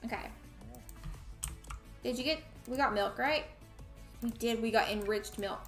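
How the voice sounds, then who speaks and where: Fairly high and a bit bright, this voice moves at an unhurried pace. It belongs to a young Southern-accented streamer from Tennessee, USA, casually chatting with her audience and the characters in her game, with roomy echo and faint music in the background.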